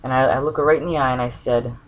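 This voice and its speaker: A man's voice: medium pitch, fairly even intonation, quick pace, highs cut off. A man telling a personal dream story to the camera, earnest and searching for words, with an occasional cough. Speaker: spiritual vlogger.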